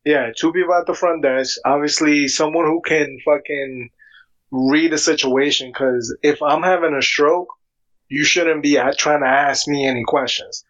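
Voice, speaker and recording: A man with a fairly high voice joins a casual conversation, stammering before his points. His audio sounds muffled and low-fi. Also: fairly even intonation, moderate pace, fairly bright tone. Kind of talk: casual podcast chat.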